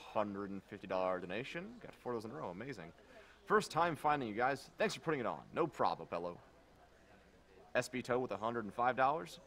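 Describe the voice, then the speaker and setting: A man with an everyday mid-pitched voice reads viewer donations aloud on a live charity stream. He keeps it casual and upbeat, with quick jokes between messages. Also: fairly bright tone.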